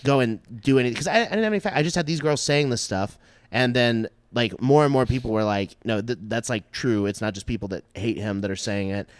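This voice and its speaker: A man in casual podcast chat, telling rambling, profane stories and often laughing at his own jokes. His voice sits at an ordinary middle pitch. It is recorded close and dry, with no room sound. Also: clean tone, dry recording. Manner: rambling, crude storytelling, quick bursts of laughter. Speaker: comedian podcast co-host.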